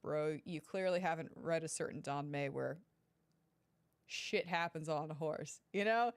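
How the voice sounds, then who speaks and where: A young woman streams her first playthrough of a game in a voice that sits low, at a measured pace. Animated and giggly, she swears, chats casually, and reads the game's dialogue aloud in different voices as let's play commentary.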